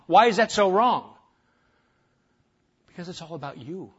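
A man preaching a sermon as pastor, passionately stressing points and then dropping to a hushed tone for prayer. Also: high-pitched, lively intonation, a little slow, lo-fi sound. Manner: impassioned, swinging from loud emphasis to hushed, intimate prayer. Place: church.

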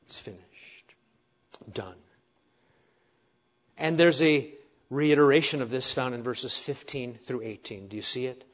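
Earnest pastor preaching, lo-fi. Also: male voice, mid-range voice, moderate pace. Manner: earnest preaching with rhetorical questions and self-deprecating asides. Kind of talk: sermon.

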